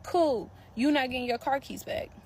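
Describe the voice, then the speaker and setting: A woman telling a personal story in a casual, animated way, talking straight to her viewers and laughing often. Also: high voice, moderate pace.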